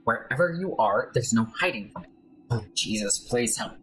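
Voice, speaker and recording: A man's voice: medium pitch, animated, normal speed, fairly bright tone, faint music behind, lightly acted, low-quality recording. A man voicing a desperate, hunted man who pleads frantically for help. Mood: fearful.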